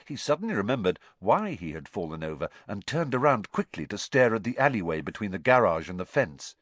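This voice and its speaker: A man reading a story aloud, in an expressive audiobook narration. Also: lowish voice, a little fast, dry recording.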